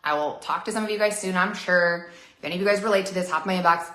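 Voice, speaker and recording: A woman's voice: on the low side, rapid-fire, sharp tone, reverberant. A woman ranting on a live video, sassy and feisty, rambling and laughing as she talks to her followers. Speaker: MLM seller on a live video. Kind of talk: livestream rant.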